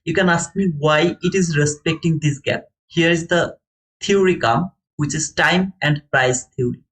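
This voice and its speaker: A man streaming live to viewers, thinking aloud in halting, repetitive phrases as he explains a trade. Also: fairly high pitch, fairly bright tone, rough recording. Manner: talks to chat viewers by name. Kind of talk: live market commentary to viewers.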